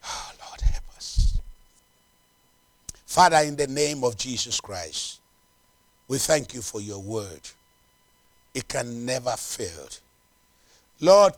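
A man preaching a sermon and leading a prayer, emphatic, swinging between loud declarations and hushed asides, repeating phrases for emphasis. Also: on the high side, dry recording.

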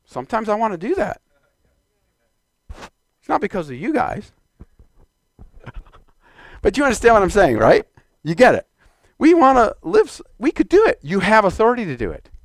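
A man preaching a sermon, moving from quiet, measured teaching to loud, exclaimed calls to the congregation. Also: high voice, wildly swooping pitch, no room sound.

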